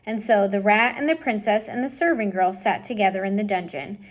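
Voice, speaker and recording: A woman's voice: medium pitch, fairly quick. A woman reading a children's novel aloud expressively, addressing the listener directly. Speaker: storybook reader.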